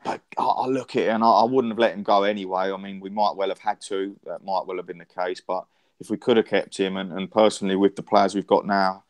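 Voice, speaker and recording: A man's voice: low-pitched, steady tone, quick pace. A man in a casual football chat, talking passionately in long, rambling runs full of restarts and swearing. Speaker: podcast co-host.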